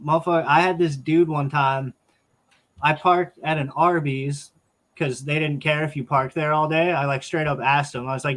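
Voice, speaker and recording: This is a man from Washington State talking casually as a guest. His voice sits a bit high for a man. He tells rambling stories and swears without a second thought. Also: fairly even intonation, moderate pace, a bit bright. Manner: loose, swears freely and tells stories with laughs. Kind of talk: casual chat.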